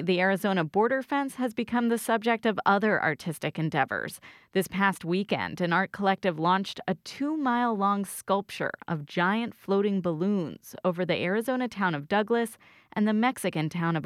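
A woman's voice: medium pitch, moderate pace, no echo, studio quality. Woman reading a news report. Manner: clear, steady reporting delivery. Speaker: radio reporter. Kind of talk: scripted news narration.

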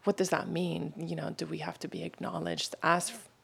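A woman with a lowish, gravelly voice talks casually and expressively about her art. She speaks loosely, with a lot of "like" and "you know.". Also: normal speed. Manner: expressive, casual, says "like" often. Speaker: artist. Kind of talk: interview clip.

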